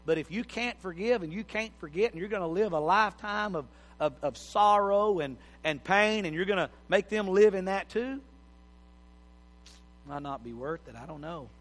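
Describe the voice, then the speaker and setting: A man's voice: sits high, expressive, moderate pace, a bit bright. A middle-aged man preaching a sermon in a folksy, joking, plain-spoken way. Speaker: pastor. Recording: hall reverb.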